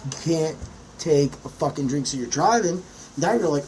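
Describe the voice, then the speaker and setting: A man hosting his own podcast, ranting in a brash, profane monologue with sudden high yelps. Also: moderate pace, a little mellow, slight background noise, poor audio. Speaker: podcast host.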